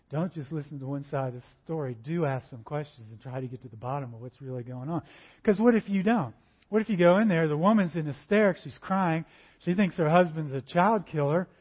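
A man preaching a sermon, conversational and animated, acting out little dialogues in different voices. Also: on the high side, breathy edge. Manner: acts out dialogues in varied voices. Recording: dull lo-fi recording.

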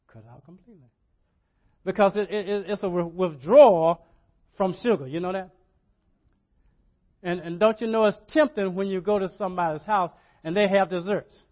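A man's voice: sits high, highs cut off. A man preaching a sermon as pastor, in a folksy, repetitive way, often asking the congregation questions.

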